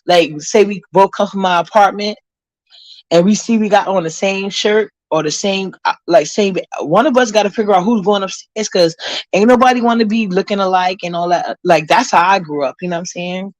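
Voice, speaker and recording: A woman's voice: mid-range voice, fairly quick, no echo. Blunt, profane New woman vlogger. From Harlem, New York. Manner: blunt, profane, rambling with many fillers. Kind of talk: casual chat, reading comments.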